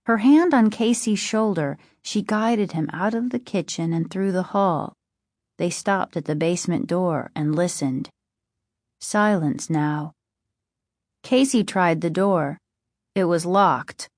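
A woman narrates a storybook in a slow, deliberate, suspenseful way. Her pitch sits in the middle and she takes her time. The recording is dry and close. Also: darkish tone, no room sound. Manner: measured, suspenseful reading.

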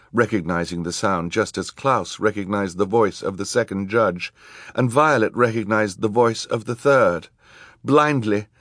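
A man reading an audiobook aloud in a measured, wry storytelling manner. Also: fairly low pitch, dry recording, clean studio sound. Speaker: audiobook narrator. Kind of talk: scripted narration.

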